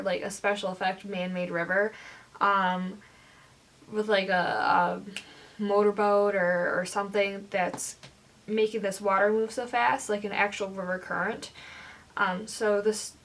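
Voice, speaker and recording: A young woman vlogger ranting angrily to camera, swearing often and filling pauses with "like". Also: mid-range voice. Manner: heated, swearing, lots of fillers. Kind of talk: angry rant to camera.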